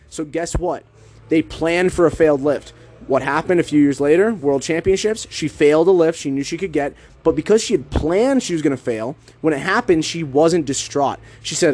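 A man's voice: on the high side, expressive, moderate pace, darkish tone. A young man talking casually and energetically to his listeners, addressing them directly. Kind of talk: casual monologue.

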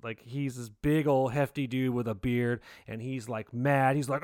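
Animated storytelling man, dry close sound. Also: moderate pace, hardly any pauses, no room sound. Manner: excitable storyteller, jumps pitch for quoted voices. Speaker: podcast co-host. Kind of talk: casual chat, animated storytelling.

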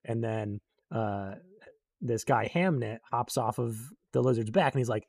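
Young man for a rambling casual recap, husky mellow voice, dry close sound, lots of ums and animated quoting. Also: mid-range voice, a little slow, no room sound. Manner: rambling, full of fillers, animated quoting of characters. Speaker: book recap vlogger.

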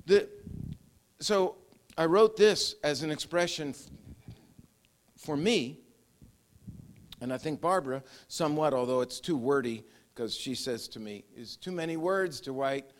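Older man preaching, rather high voice. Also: unhurried, pauses often. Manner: conversational, repeats words, chuckles. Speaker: pastor. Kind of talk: sermon.

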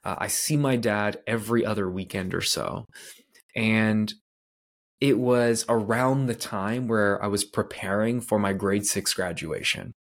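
Male podcast host from Canada, lower voice, earnest confessional storyteller. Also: a little slow. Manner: earnest, candid, loose with "like" fillers. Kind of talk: personal storytelling monologue.

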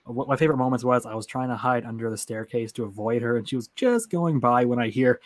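A man chatting casually about a video game, retelling moments with animated acted-out lines. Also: mid-range voice, fast, no echo. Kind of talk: casual game discussion chat.

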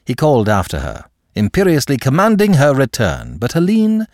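Brief: male audiobook narrator, expressive storytelling, dry close mic. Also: medium pitch, normal speed, dry recording. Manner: expressive, dramatic reading.

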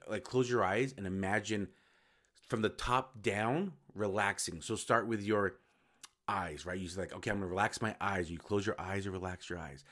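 A low-voiced man talks through his solo podcast in a loose, unscripted way. He wanders, restarts phrases and fixes his own words as he goes. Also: a bit bright. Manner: rambling, self-correcting, informal. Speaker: podcast host. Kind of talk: casual solo podcast talk.

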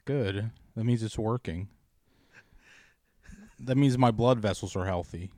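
A man in casual chat, ranting profanely about his bad day, dropping to mumbles and then yelling. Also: on the low side, measured pace, dry recording, studio quality.

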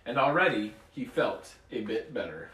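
A father reads a bedtime story aloud in a bedroom, expressive and relaxed. His voice is bright with a lively, wide-ranging pitch. The sound is echoey and picked up from a distance. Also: moderate pace, slight background noise. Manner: expressive reading aloud, relaxed chat with kids. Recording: echoey room, far from mic.

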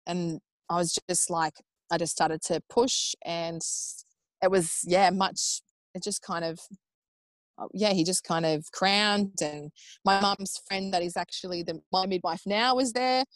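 An Australian woman in her thirties telling her own birth story in casual, animated talk, acting out what people said and swearing freely. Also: lowish voice, measured pace, dry recording. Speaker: podcast guest.

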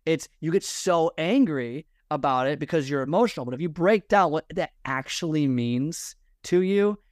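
Dispensing advice on a podcast, a man who mentors on fitness and lifestyle sounds expressive, his voice on the high side at a moderate pace. He rambles, circles back to repeat himself and often restarts sentences, in a room full of personal things. The recording is dry and studio quality.

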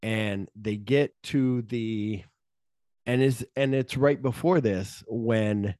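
A man co-hosts a loose, casual podcast, recapping a film scene by scene and slipping into quick voices for the characters. His voice sits low with a dark, mellow tone. The sound is dry and close. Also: no echo. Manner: animated retelling, acts out lines in quick voices, swears freely. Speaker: podcast co-host.

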